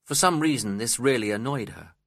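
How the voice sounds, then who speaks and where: A man reading a story aloud as its narrator, in a slow, measured and expressive way. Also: medium pitch, vocal fry, no echo, clean studio sound.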